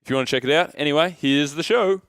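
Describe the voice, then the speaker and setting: Smooth-voiced podcast host. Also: male voice, a little high, fast, a bit bright, no room sound, clean studio sound. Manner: stumbling, swears at own slips. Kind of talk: casual podcast chat and ad read.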